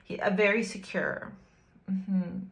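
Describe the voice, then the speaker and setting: A woman's voice: medium pitch, flat delivery, takes it slowly, vocal fry. Playful, giggly woman reading tarot. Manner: playful and chatty, giggling often; speaks directly to the viewer, teasing. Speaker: tarot reader. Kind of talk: casual tarot card reading.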